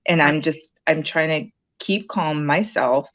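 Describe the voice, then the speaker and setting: Low-voiced woman telling her story. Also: unhurried, fairly bright tone, muffled recording. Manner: rambling, many fillers and restarts. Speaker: program graduate sharing her story. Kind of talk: casual interview testimonial.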